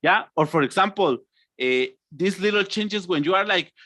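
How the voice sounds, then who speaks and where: A man, teaching an online English lesson, acting out emotions and stretching words slowly. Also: high-pitched, animated, sharp tone, no echo.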